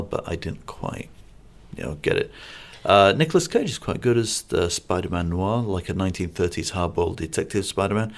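A man with a low, gravelly voice talks through a new film in casual podcast chat. He rambles, circles back and piles on asides as he goes. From Singapore-based. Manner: rambling, chatty, frequent restarts and asides. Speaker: film critic podcast co-host.

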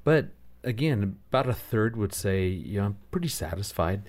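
A man speaking as a relationship expert on a radio segment, explaining calmly and reassuringly. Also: on the low side, moderate pace.

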